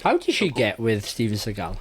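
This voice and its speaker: A man co-hosting a casual movie review podcast, talking in an animated, rambling way and often interrupting himself. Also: lowish voice, brisk, husky. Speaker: podcast co-host.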